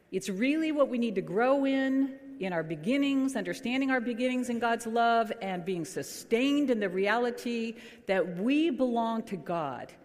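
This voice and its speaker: Woman pastor, conversational sermon with gentle humor, long reverb of a church hall. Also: on the high side. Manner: conversational, quizzes the congregation with light humor. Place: church sanctuary.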